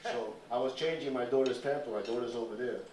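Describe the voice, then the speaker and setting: An older man with a Nuyorican accent telling a story on stage at a small café, animated, profane and conversational. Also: mid-range voice, fast. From Puerto Rican New York. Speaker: spoken word performer. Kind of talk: live storytelling. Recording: roomy live stage from far off.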